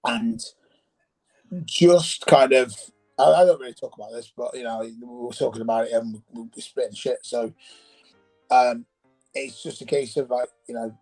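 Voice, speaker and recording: Gravelly husky man telling a story. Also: mid-range voice, normal speed, long pauses, soft background music, rough recording. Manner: animated, acts out voices in his story. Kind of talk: casual storytelling.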